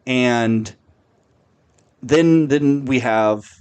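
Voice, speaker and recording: A man's voice: mid-range voice, very slow, darkish tone, clear, resonant tone. Blunt rambling man reviewing movies. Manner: rambling, blunt, frequent restarts. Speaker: podcast host. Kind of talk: casual movie review chat.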